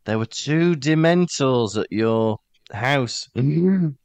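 A Welsh man in casual podcast chat, his pitch rising and falling freely as he jokes and tells stories. The sound is close and dry, with no room around it. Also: slow, no echo. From Wales. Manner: joking, animated storytelling. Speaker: podcast co-host.

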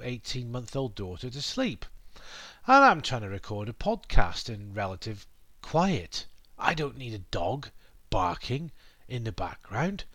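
A man's voice: medium pitch, a bit bright, dry recording. A British man hosting a podcast from his living room, rambling casually with fillers and asides while explaining English words. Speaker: podcast host. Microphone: computer mic at a desk.

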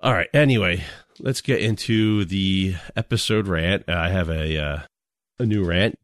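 Chuckling frequently, a podcast co-host with a deep voice spins stories in a relaxed, casual chat. His delivery is measured and laid-back. The audio is close and dry, with no echo from the room.

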